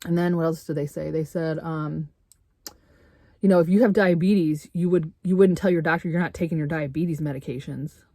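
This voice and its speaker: A middle-aged woman vlogging a heated, swearing rant with sarcastic rhetorical questions, getting loud at times. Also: deep voice, steady tone, normal speed, no room sound, studio quality. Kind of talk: angry personal rant to camera. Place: RV interior.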